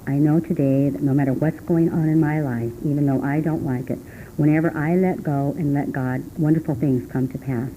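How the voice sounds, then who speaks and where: A middle-aged woman tells her story at a recovery meeting in a low, mellow voice. She rambles and restarts, then laughs and her pitch jumps up when something amuses her. The old tape carries a faint hum. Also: fairly even intonation, poor audio. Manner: rambling, earnest, halting with many restarts. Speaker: speaker sharing at a recovery meeting. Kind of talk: personal testimony talk. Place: meeting room.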